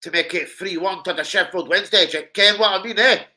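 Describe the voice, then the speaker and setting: A man hosts a casual football live stream. His voice is bright and forceful, and he swears constantly. He jumps from easy chat into sudden loud, excited outbursts. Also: high voice, fast talker, rough recording. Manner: excitable, swears a lot, shouts bursts of football reactions.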